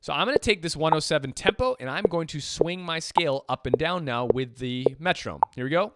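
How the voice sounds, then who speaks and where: A man teaching jazz piano in a relaxed, chatty way, counting beats aloud as he plays. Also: fairly high pitch, fairly quick, background noise. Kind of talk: casual instructional talk. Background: piano playing and metronome clicks.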